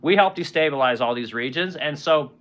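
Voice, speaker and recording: A man's voice: on the high side, lively intonation, a little fast, fairly bright tone, muffled recording. A man in his forties hosting a livestream, ranting bluntly and profanely with lots of rhetorical questions while reading chat comments. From United States. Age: 40s. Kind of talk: casual political rant.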